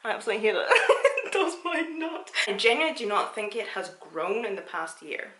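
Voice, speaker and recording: A woman's voice: a little high, animated, fairly quick, fairly bright tone, echoey room. A young woman chatting through a casual vlog tour of her houseplants, self-mocking and laughing often. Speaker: vlogger.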